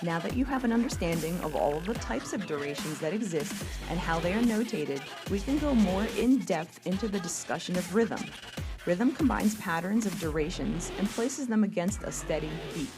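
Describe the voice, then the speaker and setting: Woman calmly narrating a music lecture. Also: on the low side. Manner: clear, measured explanation, counting beats aloud.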